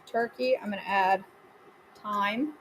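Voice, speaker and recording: A woman's voice: medium pitch, fairly even intonation, takes it slowly, a little hiss or hum, low-quality recording. A woman hosting a live cooking stream from her home kitchen, chatting casually and answering viewers by name with playful, self-mocking humor.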